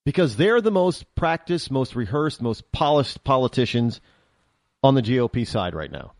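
Talk show guy ranting about politics, pitch all over the place, dry close sound. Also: normal speed, no room sound. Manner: animated, repeats words and restarts often. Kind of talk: political commentary monologue.

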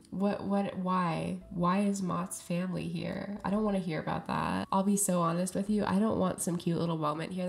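A woman with a low, gravelly voice riffs through comedic gameplay commentary. She is sarcastic and theatrical, and she often swings into exaggerated outrage. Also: darkish tone. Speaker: gaming YouTuber.

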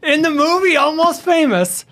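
A podcast co-host tossing in quick wisecracks in casual comedic chat. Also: high voice, sing-song, a bit bright.

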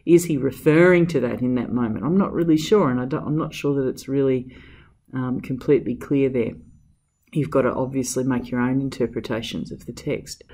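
A male teacher analyses a novel for his students, reflective and unhurried. He hesitates often, feeling his way through the ideas. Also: medium pitch, fairly even intonation, mellow, breathy edge. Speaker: literature teacher. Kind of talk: reading and analysis lesson.

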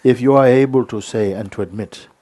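A man giving a spiritual talk, telling a story in an unhurried way with many hesitations. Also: medium pitch, mellow. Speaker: spiritual teacher.

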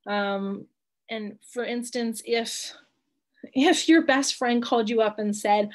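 A woman in her thirties leads a live online class, her voice sitting a little high for a woman. She talks in a chatty, reassuring way, with frequent ums and light laughs as she checks in with her listeners. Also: slow pace. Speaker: coach teaching emotional wellbeing.

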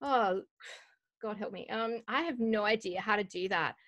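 An Australian woman, a researcher being interviewed, chatting in a casual, self-mocking way and quick to laugh. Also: mid-range voice, a bit bright, no echo, highs cut off. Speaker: guest education researcher.

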